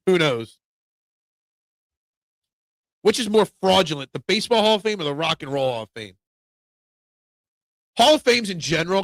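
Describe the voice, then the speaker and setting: Opinionated gravelly-voiced sports talk host. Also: male voice, high-pitched, a bit bright, dry recording. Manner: opinionated, rambling, answers viewer comments. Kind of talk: casual live-stream sports talk, reading chat.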